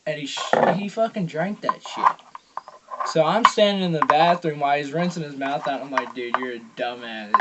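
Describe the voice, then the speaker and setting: A young man telling a rambling story in a casual vlog, swearing constantly and acting out loud quotes. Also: fairly high pitch, highs cut off, heavy background noise. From Georgia, US. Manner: profane, rambling, heavy swearing. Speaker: vlogger.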